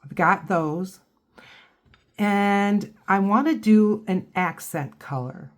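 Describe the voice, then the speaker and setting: A woman's voice: mid-range voice, slow pace. A woman giving a casual painting tutorial, chatting and thinking aloud as she works. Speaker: watercolor instructor.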